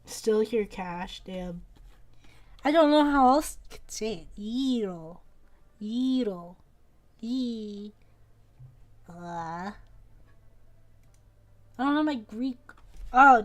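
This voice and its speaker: A woman's voice: on the high side, takes it slowly, long pauses. A young woman streaming from home, chatting casually and rambling as she draws, often laughing and repeating words. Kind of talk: casual chat while drawing on stream.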